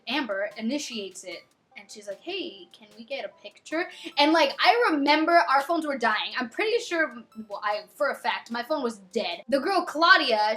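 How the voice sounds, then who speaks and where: A young woman in her twenties telling a storytime vlog with excitable, dramatic, gushing fangirl energy. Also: fairly high pitch. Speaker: vlogger.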